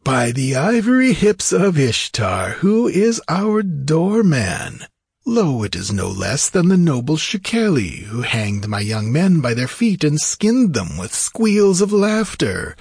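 A man voicing a mocking, ageless male sorcerer in a storybook reading, slow and theatrical. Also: a little high, sing-song, vocal fry, a little mellow, slightly rough, no echo, studio quality, voice pushed up, exaggerated voice.

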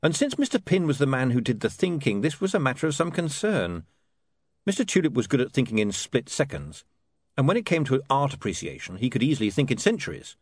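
A man narrating an audiobook with a lively, expressive voice in a dry, measured way. His pitch sits in the middle for a man. The recording is close and dry. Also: no echo.

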